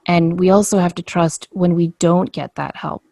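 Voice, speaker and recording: A woman's voice: on the low side, moderate pace, vocal fry, dry recording, studio quality. A woman telling a personal story in a casual podcast conversation, acting out the dialogue as she goes. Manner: animated storyteller, acts out quoted dialogue.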